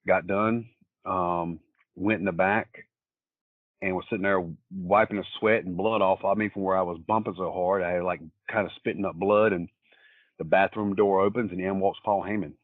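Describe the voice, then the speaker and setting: Low-pitched male interview guest, rambling storyteller, tinny phone-line sound. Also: steady tone, normal speed, no echo. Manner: rambling, plain-spoken storyteller. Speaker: wrestler guest. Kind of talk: casual anecdotal storytelling.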